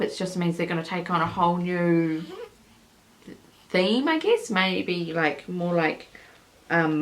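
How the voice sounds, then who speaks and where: Holding and breastfeeding her new baby, a New Zealand woman in her thirties talks to her camera in a casual vlog, emotional and rambling with many fillers. She has a fairly low voice, captured on a low-quality recording.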